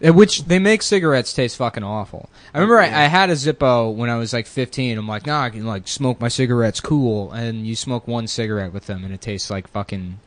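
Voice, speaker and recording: A man's voice: medium pitch, brisk, few pauses, no echo. A man co-hosting a comedy podcast, telling crude rambling stories and laughing often. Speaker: podcast co-host. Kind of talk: casual comedy chat.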